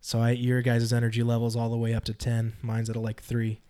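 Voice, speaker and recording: A man's voice: mid-range voice, monotone, fairly quick, dark tone, clear, resonant tone. A young man as a guest in a casual chat, laid-back and dryly joking.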